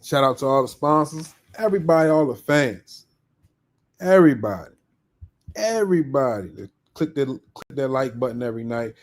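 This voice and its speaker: A man's voice: mid-range voice, very animated, moderate pace. A man hosting a live podcast in casual chat, upbeat and slangy as he greets viewers by name. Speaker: podcast host.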